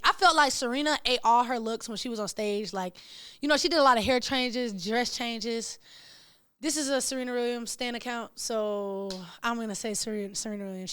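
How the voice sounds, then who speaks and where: A young woman, hosting a show and telling excited, slangy stories in casual chat. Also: fairly high pitch, clean tone, dry recording, clean studio sound. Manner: excitable, slangy, animated storytelling. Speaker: podcast host. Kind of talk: casual storytelling to camera.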